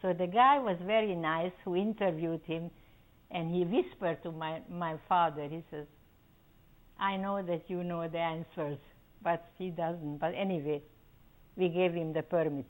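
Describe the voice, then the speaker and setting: An older Czechoslovakian woman, speaking on the low side at normal speed, tells her family's history in an oral history interview. She performs the quoted voices with animated storytelling, and the audio quality is poor.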